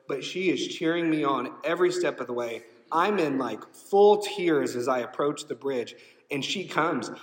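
Pastor preaching in a roomy church hall. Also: male voice, medium pitch. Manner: storytelling, animated and emotional, shouting out quoted cheers. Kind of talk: sermon. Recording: roomy hall, voice from some distance.

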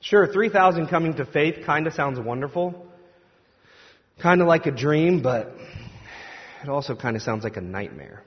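A man's voice: fairly high pitch, expressive, normal speed, pauses often. Male pastor preaching in a reverberant hall. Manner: conversational, joking, acts out crowd voices. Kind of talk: sermon. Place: church sanctuary. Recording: dull sound with long hall reverb.

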